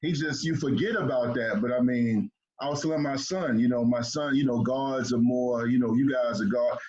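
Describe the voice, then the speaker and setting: A male host chatting casually with old friends, relaxed and reminiscing, with plenty of fillers. His voice sits at an ordinary middle pitch. The recording sounds a little dull and lo-fi. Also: moderate pace. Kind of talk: casual interview chat.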